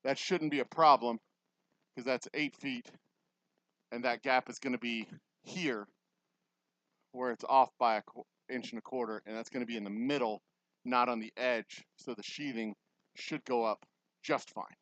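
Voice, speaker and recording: A man's voice: mid-range voice, fairly even intonation, moderate pace, pauses often, fairly bright tone, dry recording, poor audio. A man with a Texan accent, casually talking viewers through a framing job on a construction site, thinking aloud with self-deprecating asides. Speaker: distillery owner vlogging construction. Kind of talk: casual vlog while working. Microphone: camera mic, moving around off camera.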